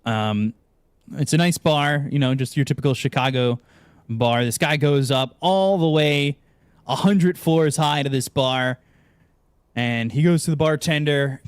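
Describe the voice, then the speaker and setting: A man's voice: fairly high pitch, a little slow, clean tone, no echo. A man casting an esports broadcast, chatting casually and telling long jokes between matches. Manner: joke-telling, animated. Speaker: esports caster. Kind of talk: casual on-air banter.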